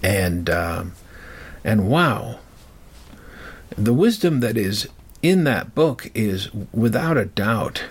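A man recounts a personal story in a rambling, halting way. His voice is low and gravelly with a husky edge. He pauses often with fillers and restarts. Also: big pitch swings.

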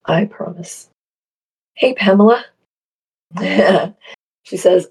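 A woman's voice: mid-range voice, extremely slow, pauses often, darkish tone, breathy edge. A middle-aged woman hosting a casual live chat, reading viewer comments aloud and laughing often.

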